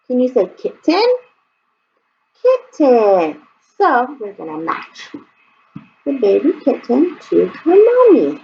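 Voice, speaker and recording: A woman teaching toddlers in a singsong, exaggerated way, recorded with dull lo-fi sound. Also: sits high. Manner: exaggerated, animated, sing-song. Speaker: preschool teacher. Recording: dull lo-fi sound, faint background noise.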